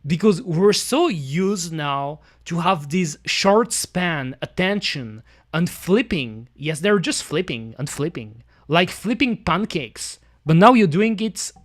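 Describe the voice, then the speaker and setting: Rambling male streamer, slightly high voice. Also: big pitch swings, slow. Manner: rambling, many fillers and restarts, non-native grammar slips. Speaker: streamer reacting to a video. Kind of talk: casual chat.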